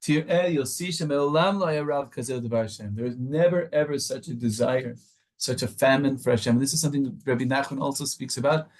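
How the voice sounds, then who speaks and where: A man's voice: medium pitch, quick pace. A man teaching a Torah class with passion, moving back and forth between Hebrew and English.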